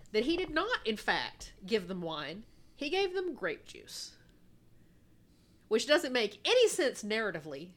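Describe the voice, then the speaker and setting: A woman co-hosting a podcast in casual chat, animated and quick to laugh, swearing freely. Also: on the high side. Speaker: podcast co-host.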